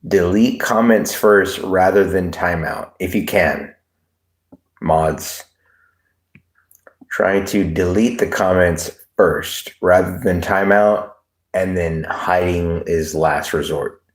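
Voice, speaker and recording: A man's voice: low voice, slow pace. A man hosting a livestream, rambling and joking crudely while reading chat aloud. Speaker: livestream host.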